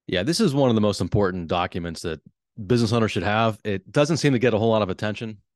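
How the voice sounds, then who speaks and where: A man who works as a wealth advisor, explaining business topics on a podcast in a measured, earnest way. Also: lowish voice, animated, no echo, studio quality. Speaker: wealth advisor, show host.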